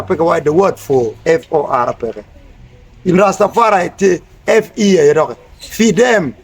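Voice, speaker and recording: Husky man teaching word meanings. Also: sits high. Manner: explains words slowly, spells them out. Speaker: teacher of Rasta language. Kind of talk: spoken lesson mixing English and a local language.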